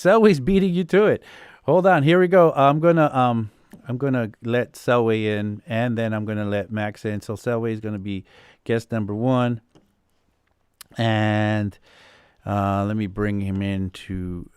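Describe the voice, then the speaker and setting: A man's voice: lowish voice, darkish tone, smooth, no echo, clean studio sound. A man hosting a live music production Q&A over a video call, rambling with many fillers and restarts. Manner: rambling, full of fillers and restarts, laughs easily. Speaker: host.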